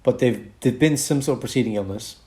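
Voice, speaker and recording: A man's voice: medium pitch, quick pace, mellow. A man co-hosting a casual podcast, explaining medical conditions and chuckling between points.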